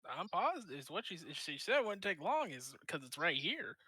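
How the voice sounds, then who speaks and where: A man's voice: sits high, very animated, a little fast, pushed and bright, slightly rough, dry recording. A man playing in a tabletop game, chatting casually and rambling, often laughing. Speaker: player.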